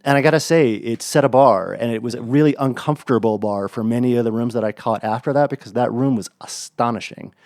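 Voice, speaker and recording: Male podcast co-host, gravelly, dry close mic, blunt and enthusiastic. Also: medium pitch, fast, hardly any pauses, darkish tone, dry recording. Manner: blunt, enthusiastic, frequent fillers and restarts. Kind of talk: casual chat.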